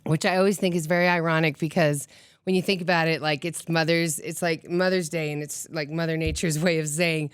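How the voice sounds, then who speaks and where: A woman's voice: deep voice, brisk, clear, resonant tone, no room sound, clean studio sound. Chatty middle-aged woman radio host. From Colorado. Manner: chatty and animated, laughs often, acts out quotes. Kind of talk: casual chat.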